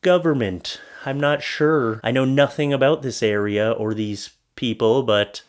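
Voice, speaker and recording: Sarcastic male reaction host, average pitch, blunt and profane, mocks what he reads. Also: a little slow, few pauses. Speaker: commentary host. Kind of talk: casual reaction commentary reading posts aloud.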